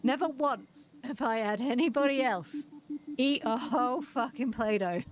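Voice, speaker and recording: A woman's voice: a little high, measured pace, a crowd in the background. A woman, a streamer telling a laughing, sweary story while playing a game. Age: 40s. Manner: laughing, swearing anecdote teller.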